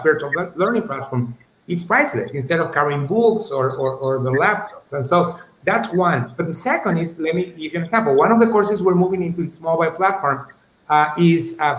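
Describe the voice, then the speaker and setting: A man, answering questions in a live-streamed interview, talking thoughtfully with many restarts and asides. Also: fairly high pitch. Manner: thoughtful, many restarts and "you know", "right?". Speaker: university leader, interview guest. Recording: roomy echo, faint ambient noise.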